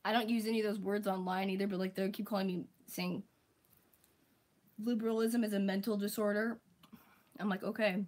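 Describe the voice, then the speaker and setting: A woman's voice: mid-range voice, fairly even intonation, a little fast, long pauses, a little mellow, rough recording. Exasperated young woman ranting casually. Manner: exasperated, profane, heavy use of "like", mocking impressions of critics. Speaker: vlogger.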